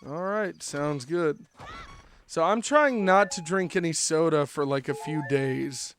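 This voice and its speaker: A man's voice: fairly high pitch, unhurried, a bit bright, soft background music. A young man streaming a game, chatting casually and joking with lots of fillers. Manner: rambling, joking, many fillers.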